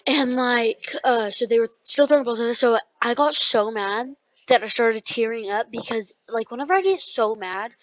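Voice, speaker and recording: A young podcast co-host telling a rambling school story in casual chat, full of likes and ums. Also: female voice, on the high side, moderate pace, a bit bright. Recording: dull lo-fi sound.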